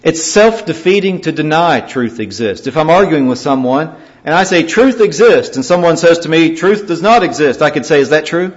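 A male preacher delivering a sermon, swinging from loud, emphatic scripture reading to quiet, grave warnings. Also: on the high side, lively intonation, brisk. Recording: dull lo-fi recording.

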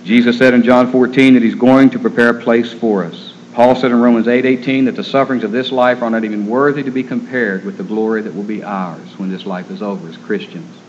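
A man preaching a sermon in an earnest, gentle storytelling manner. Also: medium pitch, steady tone, a little fast, hardly any pauses, a little hiss or hum. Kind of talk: sermon on caring for the terminally ill. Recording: dull lo-fi recording.

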